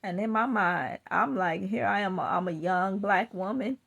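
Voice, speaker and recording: A woman's voice: medium pitch, a little slow, gravelly, a bit bright, breathy edge. A woman telling a personal story in a chatty way, laughing now and then and acting out what people said. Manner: chatty, laughs while telling, acts out quotes.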